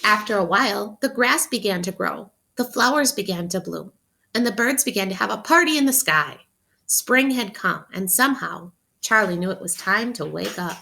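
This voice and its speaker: A woman teacher reading a picture book aloud to children, expressively, pausing to ask them questions. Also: medium pitch, expressive, gravelly, sharp tone. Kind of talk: interactive read-aloud for children.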